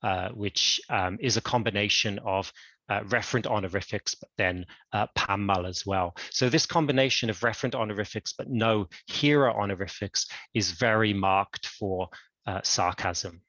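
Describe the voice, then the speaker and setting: A male university lecturer giving an online academic lecture, explaining in a measured way. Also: on the low side, fairly bright tone, dry recording, muffled recording. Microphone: computer mic on a video call.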